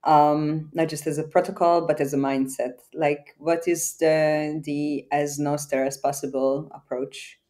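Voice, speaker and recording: A woman interviewer who asks short, soft-spoken questions. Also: low voice, flat delivery, measured pace, hardly any pauses.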